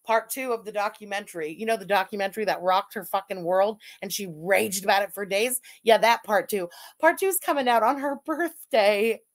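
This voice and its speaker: A woman from Quebec hosts a livestream, reading chat messages aloud and mocking people with plenty of swearing in casual commentary. Her voice is mid-range and fairly quick.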